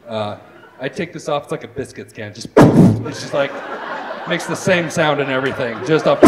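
A man's voice: mid-range voice, very noisy. A man doing self-deprecating stand-up comedy on a live stage, talking to the audience. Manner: animated, self-deprecating, lots of asides. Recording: live show with loud crowd. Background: audience laughing.

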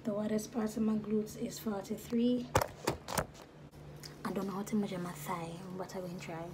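A woman's voice: medium pitch, little pitch movement, normal speed, heavy background noise. A woman chatting casually and candidly to camera, joking and slipping into creole. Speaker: vlogger. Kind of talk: casual vlog chat.

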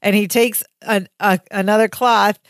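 A woman's voice: mid-range voice, fairly even intonation, normal speed, no echo. Chatty woman podcast co-host, dry sound. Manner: conversational, with frequent "like" fillers. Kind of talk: casual chat recapping a sitcom episode.

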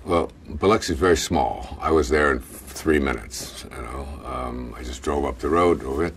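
A man casually recounting a personal story, halting and restarting with many fillers and little chuckles. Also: very deep voice, creaky, distant mic, slight background noise.

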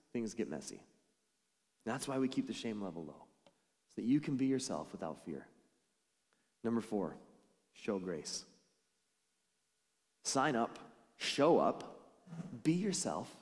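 In a church sanctuary, a man with a mid-range, darkish voice preaches a conversational sermon to his congregation, weaving in stories as he goes. The church hall gives the recording a long reverb.

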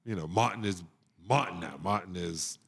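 A middle-aged man, a guest on a podcast, telling stories in an animated way, laughing often and acting out the people he quotes. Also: deep voice, normal speed, creaky, slightly rough. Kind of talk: storytelling in a podcast interview.

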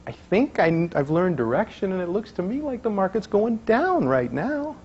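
A man's voice: very animated, a little mellow, slight background noise. A man putting on a small pleading girl. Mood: gentle earnest. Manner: high, pleading, slow childlike voice. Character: little girl, young daughter, earnest and gentle. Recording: dull lo-fi recording.

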